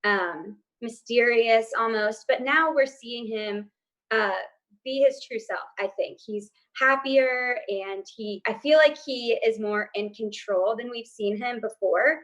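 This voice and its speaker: A woman's voice: on the high side, takes it slowly, a bit bright, muffled recording. A woman on a casual TV recap panel, talking thoughtfully and hedging with many ums. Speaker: co-host panelist.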